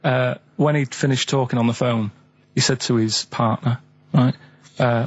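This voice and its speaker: A man, a regular on a radio show, telling stories in a flat, matter-of-fact way. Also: mid-range voice, normal speed, muffled recording. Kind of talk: deadpan anecdote telling.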